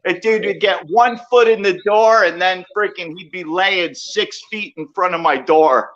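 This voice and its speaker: A man on a casual call, telling a heated story in profane, worked-up bursts with loud shouted quotes. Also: sits high, moderate pace, highs cut off. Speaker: call-in guest.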